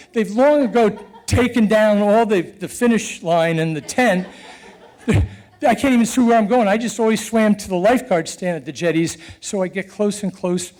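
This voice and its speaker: A middle-aged man telling a personal story in an earnest, animated way, with chuckles and halting restarts. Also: high voice.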